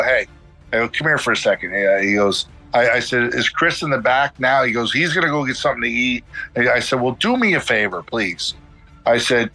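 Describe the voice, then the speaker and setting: A man's voice: mid-range voice, rough recording. A middle-aged man telling a long story as a podcast guest in a casual way, acting out the dialogue of the people in it. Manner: animated, acts out dialogue in quotes.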